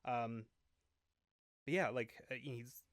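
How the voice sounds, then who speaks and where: A man co-hosting a casual book club chat, talking in a relaxed, musing way. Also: mid-range voice, slow, dry recording, clean studio sound. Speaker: podcast co-host.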